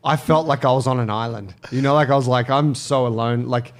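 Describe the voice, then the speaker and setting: An Australian man tells a story on a casual podcast. He swears freely and jumps into the voices of the people in his tale. His pitch sits in the middle range for a man. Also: fairly quick. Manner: animated storyteller, swears freely, acts out quotes. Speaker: podcast co-host telling a story.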